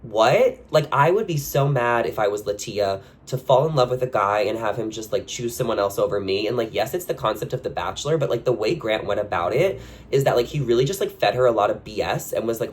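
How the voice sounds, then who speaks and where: A man chats at an everyday middle pitch, sharing his opinions on reality TV in a relaxed, gossipy way. He leans heavily on "like" as a filler. His voice leaps upward whenever he poses a question. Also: a little fast. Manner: chatty and gossipy, with frequent "like" fillers; animated, with sudden jumps in pitch on questions. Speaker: reality TV commentary channel host. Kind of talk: casual opinion commentary to camera.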